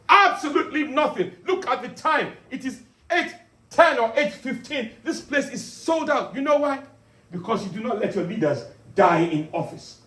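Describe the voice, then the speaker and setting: A man performing stand-up as a boastful, bombastic self-styled male African dictator who lectures and teases his audience. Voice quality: booming, boastful, commanding. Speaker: stand-up comedian. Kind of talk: character stand-up comedy. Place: pub gig room. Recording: echoey pub, distant mic, loud crowd.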